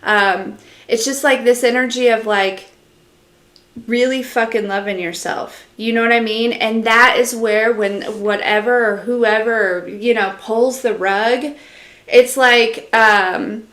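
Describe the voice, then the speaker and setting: A woman's voice: fairly high pitch, steady tone, takes it slowly, fairly bright tone, echoey room. A woman giving a casual live-stream channeled message as an intuitive reader, rambling with lots of fillers, talking straight to her viewers and answering their comments.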